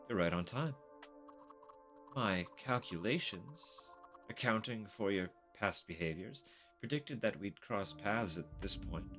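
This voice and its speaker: Deep, slow-talking male game streamer. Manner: reads dialogue in a flat voice, breaks into laughs and swearing. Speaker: streamer reading game dialogue aloud. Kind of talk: let's play, reading in-game characters' lines with live commentary.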